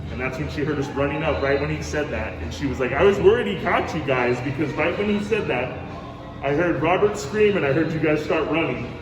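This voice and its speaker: A man's voice: fairly high pitch, a little fast, reverberant, music in the background, rough recording. A man, a hotel manager, telling a ghost story in casual chat, acting out what people said and saying bro and dude. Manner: animated, acts out quotes, says bro and dude.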